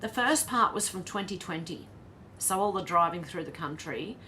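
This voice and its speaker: A woman's voice: on the low side, animated, moderate pace, pushed and bright, slight background noise. An Australian woman hosting a casual livestream, talking in a tired, wry way and reading out chat comments. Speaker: livestream host.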